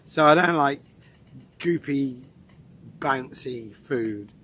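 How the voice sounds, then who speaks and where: A man's voice: medium pitch, a little slow, a bit bright, slight background noise. A man chatting casually in a rambling, self-deprecating monologue recorded outdoors in the countryside. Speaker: vlogger host.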